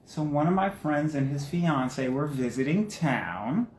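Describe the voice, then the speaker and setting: A man co-hosting a casual podcast, reading posts aloud in a steady, playful way. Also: fairly high pitch, a little slow, slight background noise. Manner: playful, reads steadily then jokes. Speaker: podcast co-host. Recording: roomy echo.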